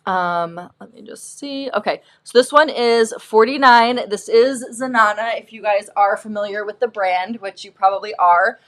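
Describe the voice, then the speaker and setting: A woman in her thirties hosting a live shopping stream, telling stories in a casual, animated way with lots of fillers. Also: mid-range voice, normal speed, few pauses. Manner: animated storyteller, acts out quotes, lots of "like" and "um". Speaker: host of a live shopping show.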